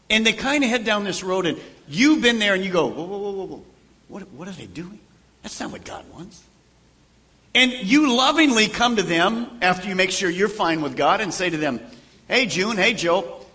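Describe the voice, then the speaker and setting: Older male pastor, high bright voice, very expressive; acts out dialogue in his sermon, loud then hushed. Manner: animated preacher acting out conversations, shifting from loud to hushed.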